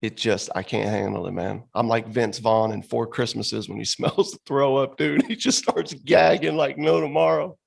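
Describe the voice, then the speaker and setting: A man with a mid-range voice, some vocal fry and a breathy edge co-hosts a podcast, telling a story in casual chat. He's from Florida, laughs often, and keeps saying "bro" and "dude."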